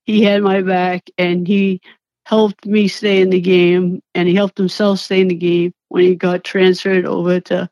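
Young woman, interview guest, animated storyteller, laughs a lot, dry close sound. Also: lowish voice, unhurried, no echo, dull audio. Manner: animated, laughs often, swears, acts out quotes. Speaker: interview guest, former reality show contestant. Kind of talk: casual storytelling.

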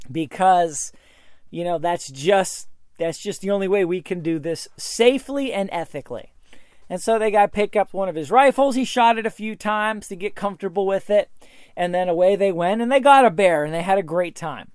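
A man's voice: high-pitched, animated, normal speed, a little mellow, clear, resonant tone, dry recording, studio quality. A man telling a hunting story in a casual, matter-of-fact and emphatic way. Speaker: bowhunting advice speaker.

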